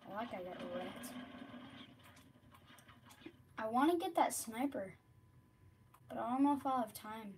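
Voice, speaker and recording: A woman giving casual, rambling commentary while streaming a video game, often dropping to quiet mutters. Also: on the high side, animated, normal speed, background noise. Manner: chatty, rambling, drops to mutters.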